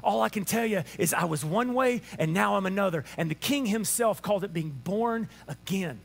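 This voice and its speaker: A man preaching an Easter sermon to a church congregation, animated and playful, acting out little voices for laughs. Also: sits high, normal speed, gravelly, soft background music. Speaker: pastor. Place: church sanctuary before a congregation.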